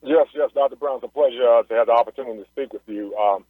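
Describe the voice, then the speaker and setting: A man calling in to a radio show, talking quickly and earnestly with many fillers as he sets out his point. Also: medium pitch, no room sound. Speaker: caller. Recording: tinny phone line.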